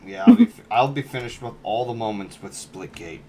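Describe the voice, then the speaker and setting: Host type, easygoing guy chatting through an edit stream, middle pitch. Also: very animated, fairly quick, vocal fry, a crowd in the background. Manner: laid-back, chatty, trails off mid-sentence. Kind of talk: casual chat while editing on stream.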